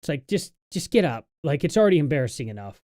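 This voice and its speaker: Tired guy ranting on his livestream, kinda high voice, dry close sound, rambling and sarcastic. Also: big pitch swings, quick pace, darkish tone, dry recording. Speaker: live stream host. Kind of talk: casual live stream commentary.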